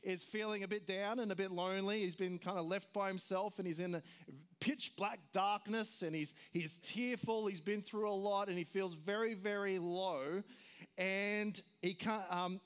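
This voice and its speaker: Male pastor, relaxed conversational sermon, voice on the high side. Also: normal speed, clean tone. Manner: casual, chatty, full of fillers and restarts.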